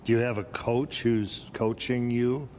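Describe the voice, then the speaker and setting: A man's voice: mid-range voice, little pitch movement, unhurried, darkish tone. A man hosting a local show, asking short curious questions in a casual interview on a theater stage. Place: small-town theater stage. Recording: echoey hall with faint noise.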